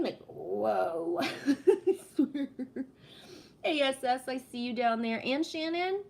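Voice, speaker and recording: Animated, swearing woman livestreamer. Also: high voice, takes it slowly, creaky. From Canada. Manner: animated storytelling with heavy swearing. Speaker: livestream host. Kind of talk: casual livestream chat.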